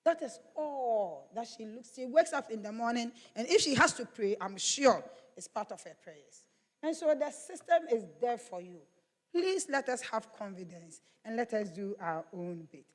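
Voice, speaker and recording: Woman, higher voice, earnest exhorting speech, long hall reverb. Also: lively intonation, moderate pace. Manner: earnest, exhorting, repeats key phrases. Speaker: university official addressing students. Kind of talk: workshop speech. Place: large conference hall.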